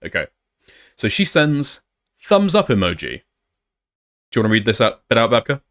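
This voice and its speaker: A man's voice: medium pitch, huge pitch swings, normal speed, fairly bright tone. Guy ranting through old texts, sarcastic and sweary. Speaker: commentator. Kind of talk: commentary reading out messages.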